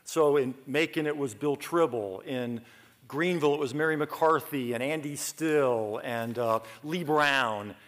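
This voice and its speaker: A middle-aged man from Georgia, giving a humorous acceptance speech full of lively asides. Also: medium pitch, a little slow. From Athens, Georgia, US. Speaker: award honoree giving a speech.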